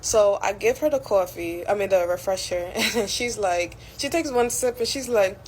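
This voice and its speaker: A woman's voice: medium pitch, moderate pace, few pauses, a little mellow, a little hiss or hum, rough recording. Chatty young woman telling a story. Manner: chatty, many fillers like "like" and "you know". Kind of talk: casual storytime.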